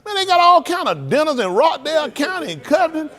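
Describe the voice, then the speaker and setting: A man giving loose, animated commentary at a livestreamed service, laughing often. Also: extremely high pitch, fast. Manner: animated, laughing, preachy street talk. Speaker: preacher.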